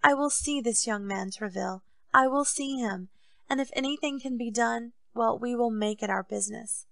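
A woman reading aloud voices a proud, excitable male king, asking eager questions and giving orders. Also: fairly high pitch, moderate pace, creaky, dry recording. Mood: commanding.

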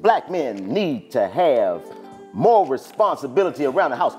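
A man's voice: medium pitch, big pitch swings, moderate pace, a little mellow, soft background music, voice pushed up, natural voice. A man imitating a preachy talk-radio morning show host with an emphatic announcer cadence.

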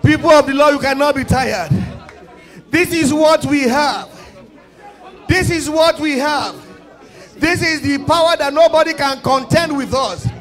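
A Nigerian-accented male pastor with an unusually high voice, preaching in impassioned bursts that often rise to a shout. He repeats his calls to prayer again and again. A congregation murmurs faintly in the background. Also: measured pace, some chatter behind. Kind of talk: fervent prayer-leading sermon. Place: church service.

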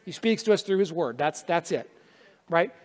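High-voiced male pastor preaching in a reverberant church. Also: lively intonation, normal speed. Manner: earnest, conversational preaching with self-deprecating humor. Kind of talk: sermon with prayer. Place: church sanctuary. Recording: long reverb of a church hall.

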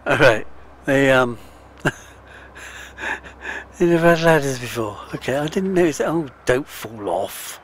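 A British let's-play gamer offers casual, chatty commentary while exploring space in a game, chuckling and muttering to himself along the way. His mid-range voice is expressive and a little slow.

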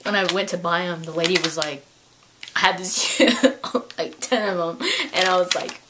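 A woman in her late twenties talks straight to camera in a relaxed home vlog, her voice sitting a little low for a woman. She rambles, stumbles over repeated words and breaks into laughter as her stories build. A faint hiss of noise runs under the recording. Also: normal speed. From California. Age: 20s. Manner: excitable storytelling, gushing, laughs often, repeats words. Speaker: vlogger. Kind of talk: casual chat to camera.

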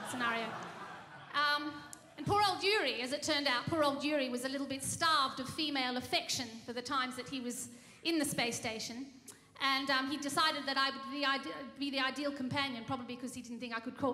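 A woman's voice: sits high, a little fast, sharp tone. A woman cabaret singer telling a rambling, mock-earnest tall tale on stage, full of ums and restarts, live in a music venue. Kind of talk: comic stage monologue. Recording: reverberant live room.

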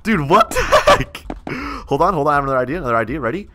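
Excitable young man narrating gameplay. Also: on the high side, a little hiss or hum. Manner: excitable, laughing, quick swings between mumbling and yelling. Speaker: gaming YouTuber. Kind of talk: gameplay commentary.

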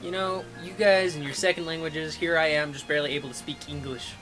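A young man making dry, low-key remarks while gaming with his brothers. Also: steady tone, fast, music in the background, low-quality recording. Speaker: let's play gamer. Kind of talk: casual gaming chat.

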